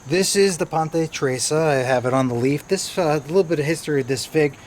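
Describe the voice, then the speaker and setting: A man's voice: on the high side, a little fast, slight background noise. A man in his thirties hosting a casual backyard vlog about fig trees, chatty and telling stories with quoted voices. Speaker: fig-growing channel host. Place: outdoors in a backyard garden.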